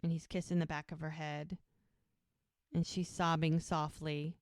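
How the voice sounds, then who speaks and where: A woman's voice: low voice, level tone, unhurried, no echo, studio quality. A woman co-hosting a podcast, chattily retelling a TV episode scene by scene with lots of "he's like" and "she goes". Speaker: podcast co-host. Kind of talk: casual TV episode recap.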